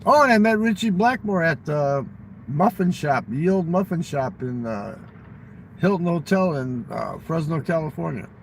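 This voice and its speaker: A man's voice: a little high, expressive, moderate pace, gravelly, a little hiss or hum, low-quality recording. An older man telling rambling, profane, boastful stories in casual talk. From United States. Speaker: livestream guest telling stories. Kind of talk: rambling storytelling. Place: fast-food restaurant.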